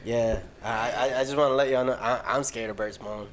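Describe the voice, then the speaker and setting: A man's voice: mid-range voice, fairly even intonation, brisk, over a noisy crowd. A young man co-hosting a podcast in casual chat, full of joking, teasing banter. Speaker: podcast co-host.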